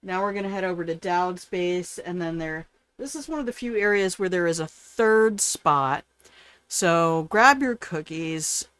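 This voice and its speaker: A woman's voice: fairly low pitch, expressive, measured pace, a bit bright, smooth, dry recording. An older woman hosting a live game stream, chatting playfully and answering her chat as she plays.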